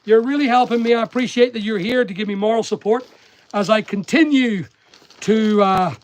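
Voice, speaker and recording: High-voiced and speaking at a normal pace, a man with a mixed Northern Irish and English accent packs orders on a live stream. He's an online seller and channel host, chatting with viewers and trading jokes and teasing with his nearby staff.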